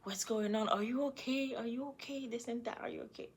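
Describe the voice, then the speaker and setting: A woman's voice: fairly high pitch, a little fast, breathy edge, pitched above the performer's own voice. Woman putting on an anxious clingy girlfriend. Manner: worried, repetitive.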